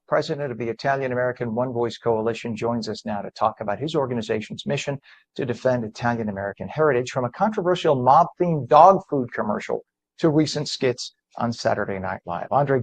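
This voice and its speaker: A man's voice: medium pitch, brisk. Conversational male TV morning show host. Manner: conversational, animated when making a point. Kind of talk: broadcast interview.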